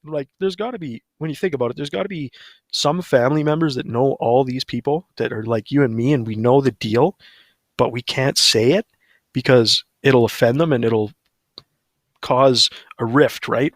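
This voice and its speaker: A man's voice: medium pitch, moderate pace, no echo, clean studio sound. A man telling a story on a livestream, profane, blunt and ranting.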